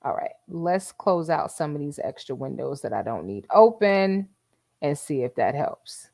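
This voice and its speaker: A woman's voice: deep voice, animated, measured pace, creaky, a little mellow, no echo, studio quality. An older woman hosting a casual livestream, chatting and gossiping with frequent laughs. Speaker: YouTube host.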